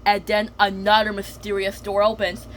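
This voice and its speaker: Woman, storyteller, eager, mid-pitched, keeps saying and then, faint vehicle hum. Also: completely flat delivery, moderate pace, a bit bright. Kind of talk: retelling cartoon episodes.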